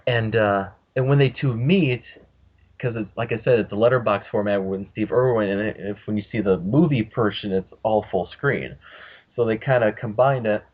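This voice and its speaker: A man's voice: fairly low pitch, normal speed, breathy edge. A man hosting a casual podcast, rambling and swearing freely as he talks. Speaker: podcast host. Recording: muffled lo-fi audio.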